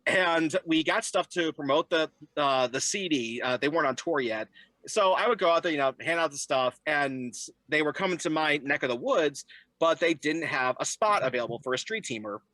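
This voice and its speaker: Young man, bright forceful voice, slightly high, dry close sound, animated storyteller in an interview. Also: moderate pace, no echo. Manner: animated, jumps into high voices when quoting people. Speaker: guest.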